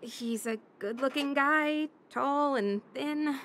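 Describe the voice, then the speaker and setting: A woman voicing a worried woman searching for her missing husband, speaking softly and pleadingly. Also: high voice, takes it slowly, a little hiss or hum, voice pushed up, heavily acted.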